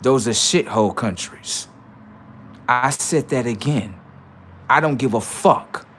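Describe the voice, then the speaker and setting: A man hosting a livestream, ranting in a heated, taunting way, swinging between loud jeers and low asides. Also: takes it slowly, a little hiss or hum. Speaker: livestream host. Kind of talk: profane livestream rant.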